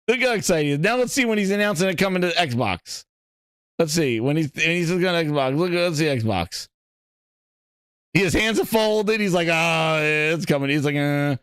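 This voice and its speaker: A man hosting a live gaming stream, reacting with loud laughter, swearing and repeating himself. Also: sits high, moderate pace, dry recording, clean studio sound. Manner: excitable, laughing, profane, repetitive.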